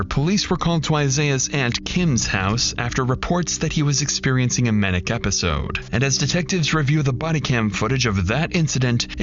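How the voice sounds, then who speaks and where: Suspenseful male true-crime narrator. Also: mid-range voice. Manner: measured, suspenseful delivery. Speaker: documentary narrator. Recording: dull lo-fi audio with music behind.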